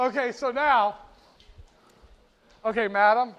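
High-voiced man joking through a lecture. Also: unhurried. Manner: joking, teasing students, animated. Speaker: finance lecturer. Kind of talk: classroom lecture. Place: classroom.

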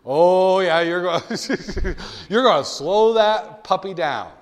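A man gives a classroom lecture full of jokes and acted-out scenes. His voice sits fairly high. It rings with the long reverb of a lecture hall. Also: lively intonation, slow. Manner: jokey storytelling, acts out voices.

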